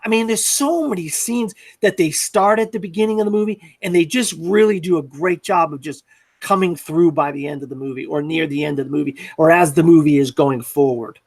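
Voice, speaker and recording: A man's voice: a little high, fairly quick, a little mellow, no room sound. A man hosting a casual film discussion podcast, recapping scenes in a hesitant way with many fillers. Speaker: podcast host.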